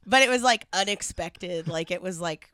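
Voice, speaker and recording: Young woman, podcast co-host, casual chat, animated, bright tone. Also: lowish voice. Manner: animated, laughing, quick jokes.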